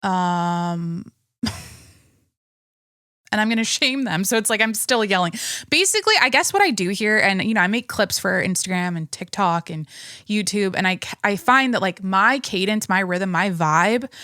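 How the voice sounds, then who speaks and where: A young woman talks loosely into a close podcast mic, rambling and chatty with lots of restarts. Her voice sits at a middle pitch and the sound is dry, with no room around it. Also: expressive, normal speed, pushed and bright, dry recording. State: pregnant. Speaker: podcast host. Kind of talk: casual solo podcast chat.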